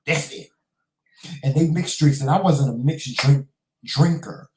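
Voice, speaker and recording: A man's voice: on the high side, a little slow, darkish tone. A middle-aged man hosting a casual live chat show, talking straight to his viewers and calling them y'all, honey and child, often repeating himself. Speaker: talk show host. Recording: echoey room.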